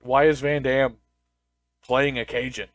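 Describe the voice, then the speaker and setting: A man's voice: mid-range voice, little pitch movement, measured pace, a bit bright, no echo, clean studio sound. A man co-hosting a podcast, chatting casually and joking with mock confusion. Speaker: podcast co-host. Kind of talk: casual chat.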